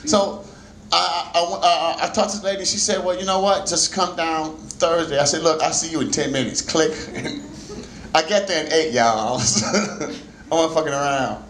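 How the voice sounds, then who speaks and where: A man in his forties telling stand-up stories at an open mic in a small jazz club, laughing often and breaking into shouts. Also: a little high, normal speed, reverberant, poor audio. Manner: loose, laughing storytelling with shouted bursts. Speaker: stand-up comedian. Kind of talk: stand-up comedy set.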